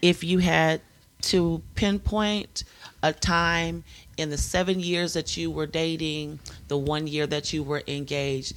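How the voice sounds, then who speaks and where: A woman's voice: low-pitched, steady tone, slow. A woman co-hosting a podcast, chatting casually and asking probing follow-up questions. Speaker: podcast co-host. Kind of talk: casual chat.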